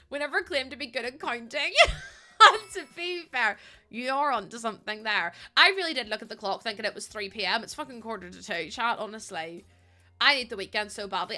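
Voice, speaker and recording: A British woman chats away on her livestream, laughing often and swearing freely. Her voice is bright and a touch high, and soft music plays faintly behind her. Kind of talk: casual stream chat.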